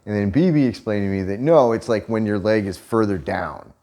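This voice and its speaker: On a couple's vlog, a male co-host chats casually in a low-leaning, mellow voice that's expressive and fairly quick. He jokes around, tosses in sarcastic asides, and swears freely.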